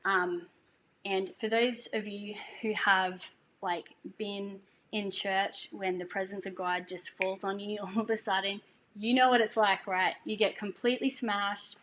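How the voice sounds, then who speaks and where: Woman, casual testimony, earnest, emotional, mid-pitched voice, faint background hiss. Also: fairly even intonation, unhurried, a bit bright. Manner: earnest and emotional, laughing as she talks. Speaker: singer sharing a testimony.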